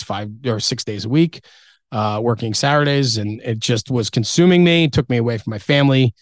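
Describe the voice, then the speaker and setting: A man's voice: medium pitch, no echo. Candid middle-aged man, dry close sound. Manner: candid, blunt, mild swearing, many fillers. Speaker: podcast guest, firefighter. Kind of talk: casual interview storytelling.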